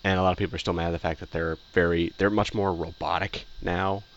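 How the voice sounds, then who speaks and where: Low-voiced guy rambling thru a tv episode review at home, lots of ums and restarts. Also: level tone, quick pace, highs cut off, a little hiss or hum. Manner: rambling, repeats himself, many fillers and restarts. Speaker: video reviewer. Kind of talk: casual opinion review.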